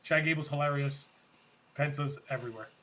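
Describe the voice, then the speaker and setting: A man co-hosting a podcast, recapping in casual chat with animated retellings, quick quoted bits and frequent laughter. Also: on the high side, slight background noise, poor audio. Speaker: podcast co-host.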